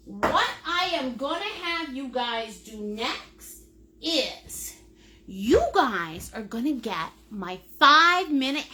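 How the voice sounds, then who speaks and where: A middle-aged woman runs a live painting lesson, with a voice that swoops widely and sits high. She is playful and silly, greets viewers by name and laughs often, and she talks at a relaxed, slow pace. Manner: laughs often while talking. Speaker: painting instructor.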